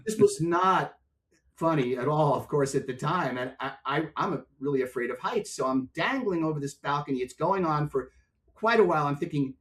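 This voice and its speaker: Older man telling a lively story. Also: a little high, brisk. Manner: animated storyteller, acts out voices in anecdotes. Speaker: guest, music and software executive. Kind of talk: storytelling in a podcast interview.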